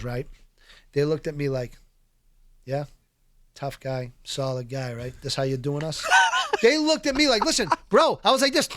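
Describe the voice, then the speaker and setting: A man who is a podcast guest, telling prison stories in an animated, profane, streetwise way in a casual interview. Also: high voice. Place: podcast studio.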